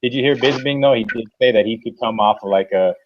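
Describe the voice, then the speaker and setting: A man's voice: medium pitch, quick pace, lo-fi sound, a little hiss or hum. A man co-hosting a sports podcast, blunt and offhand in casual chat. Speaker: podcast co-host.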